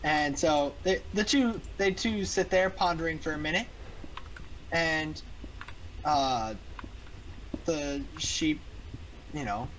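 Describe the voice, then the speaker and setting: A man's voice: a little high, slow pace, long pauses, a bit bright, slight background noise, rough recording. A man improvising a silly story while gaming, rambling and repeating words. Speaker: gamer telling a story. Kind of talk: improvised storytelling on a game stream.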